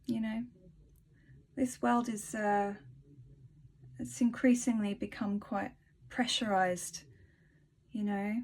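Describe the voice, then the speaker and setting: Woman vlogger, mid-height voice, gentle rambling delivery with frequent laughs. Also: medium pitch, level tone, slow pace, long pauses. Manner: soft-spoken, rambling, laughs often. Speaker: spiritual vlogger. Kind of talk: casual spiritual talk and reading.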